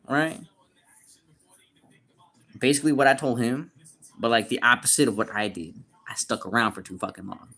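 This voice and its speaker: A man's voice: mid-range voice, fairly even intonation, moderate pace, creaky, pauses often, a bit bright. A young man livestreaming, answering chat questions in crude, profane, slangy banter. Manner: reads chat questions aloud and answers bluntly.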